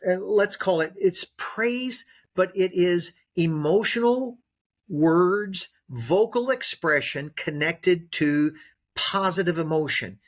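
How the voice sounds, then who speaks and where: A man, a dog trainer and author, speaking as a guest in a podcast interview, stressing and repeating key words like a coach. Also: a little high. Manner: coaching, teacherly.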